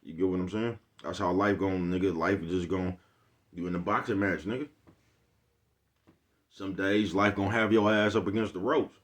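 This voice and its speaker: A man with a very low, deep voice talks straight to his viewers in a loose, rambling monologue. He leans on street slang and swearing, and keeps checking in with his listeners as he drifts from one life lesson to the next. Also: steady tone, normal speed, long pauses. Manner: rambling, profane, streetwise slang, keeps asking "you know what I'm talking about". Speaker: vlogger host. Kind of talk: casual motivational monologue.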